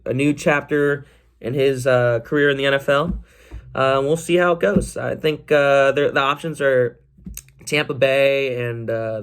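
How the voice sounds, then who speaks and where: A young man hosting a casual solo sports podcast, rambling and excitable, with many fillers and restarts. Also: medium pitch. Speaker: podcast host.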